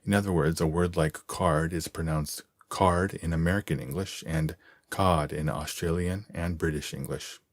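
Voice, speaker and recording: A man giving a measured, clear, scripted narration of an English-learning column. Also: deep voice, fairly even intonation, no room sound, studio quality.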